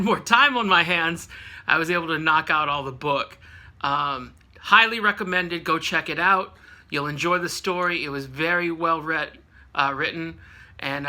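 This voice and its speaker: Here a book reviewer from California, late thirties, chats loosely about his reading, stumbling through fillers and self-corrections. He sounds fairly high-pitched, bright and forceful.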